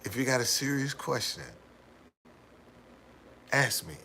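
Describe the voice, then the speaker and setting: A man's voice: medium pitch, a little slow, pushed and bright, a little hiss or hum. A man hosting a livestream, telling a rambling story to his viewers, repeating words and laughing often. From United States. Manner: gives frequent hearty laughs. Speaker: livestream host.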